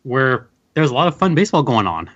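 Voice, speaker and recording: A man's voice: mid-range voice, very animated, brisk, fairly bright tone, highs cut off. A man from Southern California chatting casually on a podcast, telling a rambling, wry story full of fillers. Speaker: podcast host guest. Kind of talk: casual chat.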